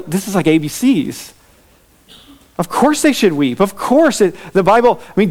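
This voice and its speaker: A man preaching a sermon in a relaxed, conversational way, with casual fillers and asides. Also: sits high. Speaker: pastor.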